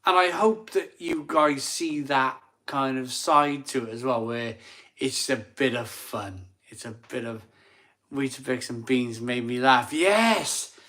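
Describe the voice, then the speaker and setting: A man's voice: medium pitch, slow, sharp tone. A middle-aged man hosting a casual live stream, tipsy after a few beers, chatty and laughing at himself as he reads viewer comments. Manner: chatty, laughing, self-mocking, rambling with restarts. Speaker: livestream host reading viewer comments.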